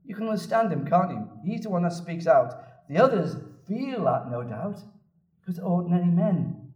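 A man preaching a sermon, telling the story in a lively way and repeating phrases for emphasis. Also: high voice, normal speed, dull audio. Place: church. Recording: echoey church room from a distance.

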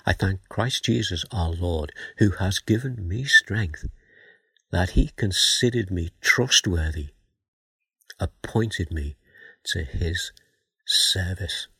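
A man giving a Bible teaching sermon, asking questions and reading scripture aloud in a measured way. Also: low-pitched, lively intonation, pushed and bright, slightly rough, no echo. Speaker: preacher.

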